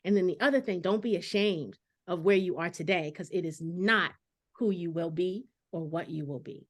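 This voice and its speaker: A woman's voice: on the low side, normal speed. A middle-aged woman hosting a casual panel discussion, speaking earnestly and reading out viewer comments. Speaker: host.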